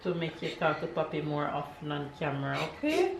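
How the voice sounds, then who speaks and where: A woman's voice: low-pitched, very animated, brisk. Mom vlogging in her kitchen, soothing, repeats herself, bouncy voice, room echo and noise behind. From Jamaica. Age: 30s. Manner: soft repetitive soothing of a crying child. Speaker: vlogger and mother. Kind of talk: casual home vlog. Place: home kitchen. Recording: echoey room with background noise.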